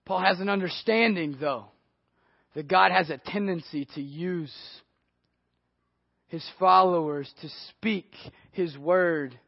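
A male pastor preaching a sermon earnestly, swinging between hushed and emphatic delivery. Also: high-pitched, slow, creaky, long pauses, no echo. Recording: dry, dull lo-fi audio.

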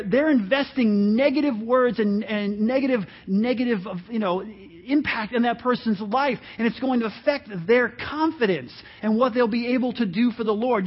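A man's voice: extremely high pitch, dull audio. A man preaching a sermon in church, earnest and encouraging, talking to the congregation with casual asides. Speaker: pastor. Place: church sanctuary.

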